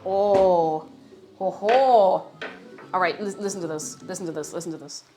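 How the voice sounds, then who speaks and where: A woman's voice: on the low side, steady tone, very fast, over music. A woman streamer, chatting casually while cooking on a live stream, playful and often breaking off mid-sentence. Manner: chatty, self-interrupting, playful.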